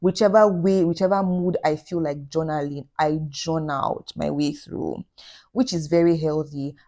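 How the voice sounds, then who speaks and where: A woman's voice: deep voice, warm tone. A woman giving heartfelt, encouraging advice in a vlog, repeating her phrases for emphasis. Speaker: vlogger.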